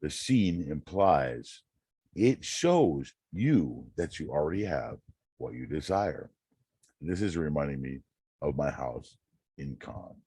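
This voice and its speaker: A man hosting a channel, reading self-help quotes and musing aloud in a slow, rambling way, often repeating words. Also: a bass voice, mellow, husky, no echo. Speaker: channel host.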